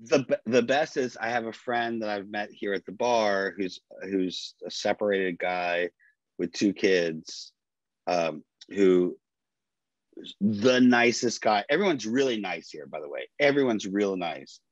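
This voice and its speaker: A man's voice: fairly low pitch, unhurried, no echo. A man co-hosting a podcast, telling stories in casual chat, swearing freely and quoting the people he talks about. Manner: animated storyteller, swears freely, quotes people. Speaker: podcast co-host. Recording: dull dry lo-fi sound.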